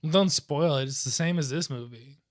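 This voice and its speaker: A somewhat high-voiced man hosting a casual podcast. He ribs his co-host with crude, teasing jokes and keeps the banter moving. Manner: teasing, crude, quick to joke.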